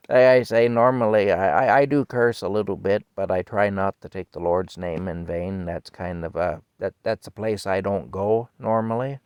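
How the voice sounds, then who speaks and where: Folksy male storyteller, lowish voice, casual and rambling. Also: darkish tone, clear, resonant tone, no room sound. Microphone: camera mic.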